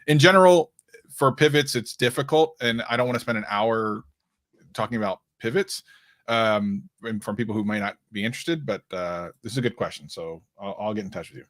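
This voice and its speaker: A man's voice: lowish voice, fairly quick, a bit bright. A man co-hosting a casual livestream question-and-answer session, chatty and jokey, with many fillers and restarts. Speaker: co-host.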